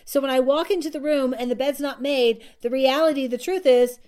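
A woman's voice: high voice, steady tone, fairly quick, darkish tone, clean tone. A woman coach giving an earnest, repetitive self-help talk to her listeners, often laughing at herself.

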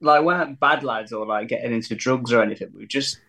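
Male musician, animated storyteller, mid-range voice. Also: mid-range voice, quick pace, gravelly. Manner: animated, laughing storyteller who acts out quotes. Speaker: musician guest. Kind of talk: casual anecdote telling.

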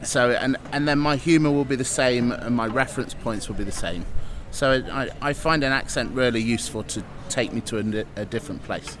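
A man's voice: medium pitch, fairly quick, a bit bright. Guest, East Midlands English man, earnest, recorded outside near traffic. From Mansfield, England. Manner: open, earnest, explains with fillers. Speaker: improviser and presenter. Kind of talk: casual interview talk.

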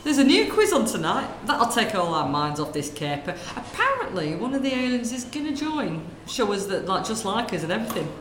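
A woman's voice: mid-range voice, sing-song, fairly quick, hardly any pauses, slight background noise, lightly acted. A woman voicing a chatty, nosy middle-aged shopkeeper in a comedy sketch. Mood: gossipy. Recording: roomy room sound.

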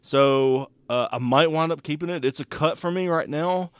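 A man's voice: fairly high pitch, moderate pace, clear, resonant tone, dry recording. A man co-hosting a casual chat, retelling a TV show at length with laughs and swearing. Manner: rambling storyteller, laughs, swears. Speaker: podcast co-host reviewing TV shows.

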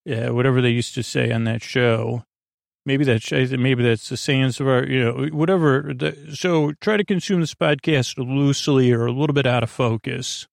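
A man hosting a sleep podcast, talking slowly in a creaky voice and drifting off into tangents full of filler. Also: medium pitch, no echo, studio quality. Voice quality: creaky, meandering. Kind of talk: rambling bedtime monologue.

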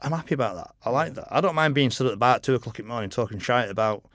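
A man's voice: mid-range voice, lively intonation, very fast, fairly bright tone, no echo. Middle-aged male racer guest, frank rambling storyteller who swears freely, dry close sound. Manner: rambling anecdotes, lots of "you know", frank and swearing. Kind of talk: casual podcast interview.

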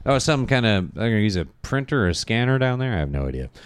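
Low, clear-voiced man rambling a recap. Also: big pitch swings, quick pace, no room sound. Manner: rambling, profane, laughs a lot. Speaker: podcast host. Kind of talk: casual TV recap chat.

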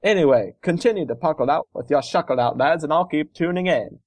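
A man's voice: on the high side, a little fast, darkish tone, no echo, lightly acted. A man with a put-on English accent reading a fan letter as a cheeky young lad, chirpy and slangy. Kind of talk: reading a listener letter aloud.

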